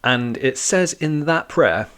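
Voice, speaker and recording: A man delivering an informal church talk aimed at young listeners. His voice sits at an ordinary middle pitch, and his delivery is chatty and playful, with a steady teacherly thread running through it. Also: slow pace, smooth. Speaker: youth church speaker.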